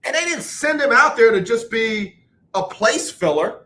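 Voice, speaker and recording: A bright, high-pitched male radio host rambles through a sports monologue. He is animated and mocks himself when he gets the facts wrong, and his voice has a sharp, forceful edge. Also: measured pace. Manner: animated, rambling, self-mocking.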